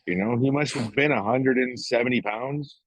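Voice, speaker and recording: A man's voice: medium pitch, normal speed, breathy edge, no room sound, low-quality recording. A middle-aged man co-hosting a podcast, telling a story casually with swearing and acted-out quotes. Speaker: podcast co-host. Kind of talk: casual chat.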